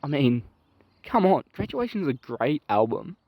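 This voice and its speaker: A man's voice: a little high, big pitch swings, normal speed, dry recording, lo-fi sound. A man voicing a crude, brash male peanut butter co-host who rants and swears in a comedy podcast sketch. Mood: ranting.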